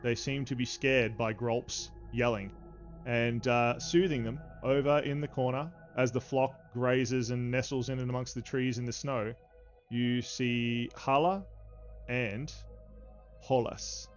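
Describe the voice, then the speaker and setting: Narrating a tabletop game as its game master, a man stumbles through plenty of halting fillers. His mid-range voice stays steady, while faint music plays behind a slightly dull recording.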